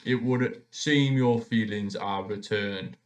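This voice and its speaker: A man's voice: fairly low pitch, takes it slowly. A man voicing a grumpy, disgusted merfolk king who grumbles in exasperation. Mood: exasperated.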